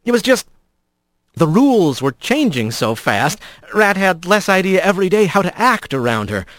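A man narrating an audiobook in an expressive, animated storytelling manner. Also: sits high, moderate pace, no room sound.

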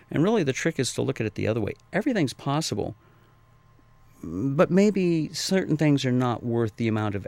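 A man's voice: creaky, a little mellow, no room sound. A middle-aged man, a martial arts and fitness trainer, answering interview questions in a rambling, casual way. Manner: rambling, acts out quoted people in high voices.

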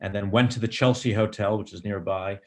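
A middle-aged man speaking in a low register, answering interview questions about writing. He is thoughtful and digressive, circling his points with frequent ums and restarts. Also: fairly even intonation, brisk. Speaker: screenwriter and director.

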